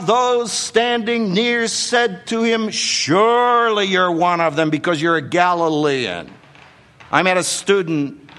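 A man's voice: sits high, a bit bright, big-room sound. An older man preaching a sermon, dramatically acting out the quotes in the story.

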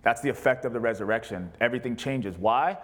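A man's voice: medium pitch, fast talker. A man preaching a sermon to a congregation, reading scripture aloud and mixing in jokes. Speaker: pastor. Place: church service with congregation.

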